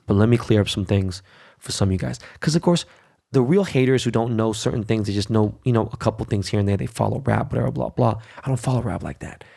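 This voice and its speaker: A man's voice: on the low side, quick pace, gravelly, dark tone. A man hosting his own podcast in a brash, blunt, profane monologue, tagging points with "right?" and "okay?". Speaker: podcast host. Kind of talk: casual monologue.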